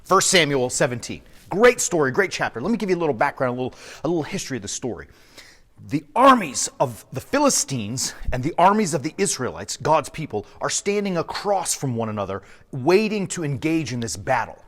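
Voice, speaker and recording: Priest guy telling a story, lively ups and downs, long echo around him. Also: fairly high pitch, fairly quick. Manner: animated, enthusiastic storyteller. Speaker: priest and podcast host. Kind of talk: storytelling sermon podcast. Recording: long echoey reverb.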